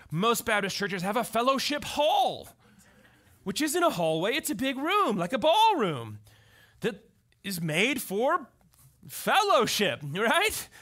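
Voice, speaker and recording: A male pastor delivers a casual, story-driven sermon with a high, ringing voice. His pitch swings widely as he acts out little scenes, and he keeps pulling listeners in with quick asides. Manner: animated storytelling, often asks the crowd "right?". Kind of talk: conversational sermon.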